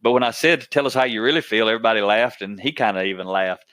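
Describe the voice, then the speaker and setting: A man's voice: on the low side, quick pace, fairly bright tone, dry recording. Plainspoken man telling a work story. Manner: plainspoken, folksy, repeats himself while storytelling. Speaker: podcast host. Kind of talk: storytelling podcast monologue.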